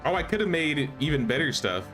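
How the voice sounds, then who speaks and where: Speaking briskly in a somewhat high, sing-song voice over music, a young man streams a survival game. It's casual live commentary, full of thinking aloud and frequent restarts.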